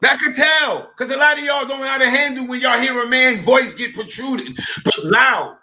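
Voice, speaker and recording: Brief: combative football pundit, high voice, bright and cutting, swears constantly. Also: male voice, normal speed, highs cut off. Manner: loud, profane, combative. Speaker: football panel regular. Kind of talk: heated football panel chat.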